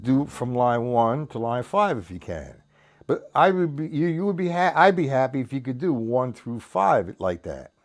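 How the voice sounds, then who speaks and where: A man's voice: mid-range voice, sing-song, normal speed. A man giving a casual drum lesson. He counts beats aloud and talks in loose, restarting sentences, dropping in "man" here and there. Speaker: drum teacher.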